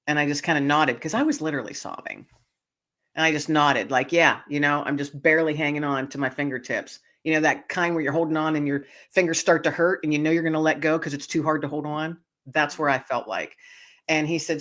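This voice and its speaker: Speaking straight to her listeners, a woman podcast host shares a personal story, tearful and earnest. Her low voice is steady, brisk and fairly bright.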